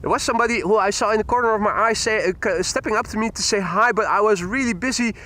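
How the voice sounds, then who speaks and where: A man hosts a live plane-spotting stream, chatting and laughing as he reads out viewer comments. His voice sits high and sounds bright and crisp. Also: quick pace.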